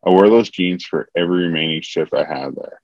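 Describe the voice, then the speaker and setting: Deep-voiced man reading comic erotica. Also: brisk, darkish tone, no echo, dull audio. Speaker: comedian reading his own erotica. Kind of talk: comedic reading of a written story.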